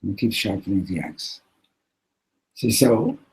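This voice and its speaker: A man teaching a Torah class, telling stories in an animated way, acting out the characters and sprinkling in Yiddish and Hebrew words. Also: sits low, normal speed, vocal fry, slightly rough, poor audio.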